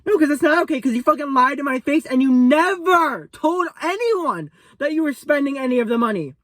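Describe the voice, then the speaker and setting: A man's voice: very high voice, expressive, fairly quick, fairly bright tone, no echo. A young man ranting furiously to camera in a vlog, swearing and confronting someone, repeating himself and tripping over his words. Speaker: vlogger. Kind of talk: angry vlog rant to camera.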